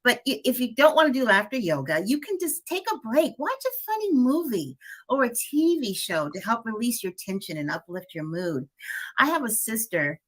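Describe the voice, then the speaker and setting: A woman's voice: on the high side, big pitch swings, normal speed. A middle-aged woman, a wellness coach, chatting casually and upbeat on a live stream, laughing often.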